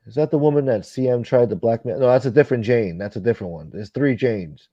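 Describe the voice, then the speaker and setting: A mid-range male voice talks fast while hosting a casual livestream; the audio is dull and has no room sound. He rambles bluntly, swears freely, mimics other people and reads out what viewers write.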